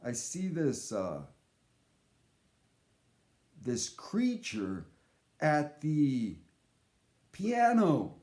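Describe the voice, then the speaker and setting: A man rambles through a casual story, swearing and breaking off his own sentences. His voice is mellow but animated, sitting a little high for a man. A roomy echo surrounds him. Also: drawn-out words, long pauses. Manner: rambling, swears, self-interrupting.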